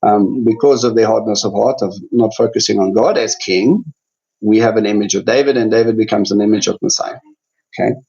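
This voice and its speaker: A man's voice: on the low side, brisk, gravelly, darkish tone, muffled recording. A man teaching an online Bible study in a chatty way, with many fillers and restarts.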